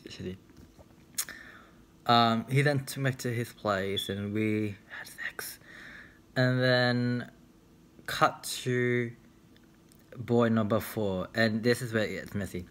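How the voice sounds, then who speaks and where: A young man, chatting casually to camera in a storytime vlog. His voice sits at an ordinary middle pitch. He tells his stories candidly, leaning on plenty of filler words. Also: takes it slowly, pauses often, a bit bright, a little hiss or hum. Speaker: vlogger.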